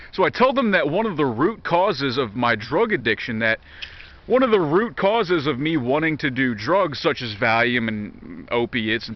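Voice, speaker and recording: Blunt, foul-mouthed man on a lo-fi vlog. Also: mid-range voice. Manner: blunt, heavily profane, rambling with restarts. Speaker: vlogger. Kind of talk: candid personal monologue. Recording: dull lo-fi recording.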